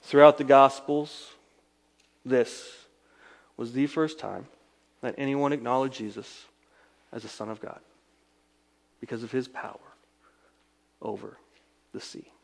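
A man preaching a sermon, telling a scripture story dramatically, swinging from loud emphasis to hushed lines. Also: mid-range voice, measured pace, vocal fry, long pauses, long reverb tail. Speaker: pastor.

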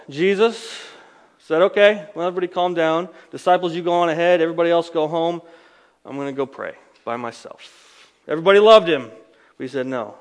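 A man preaching a sermon, telling a scripture story dramatically, swinging from loud emphasis to hushed lines. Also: fairly high pitch, long reverb tail. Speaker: pastor.

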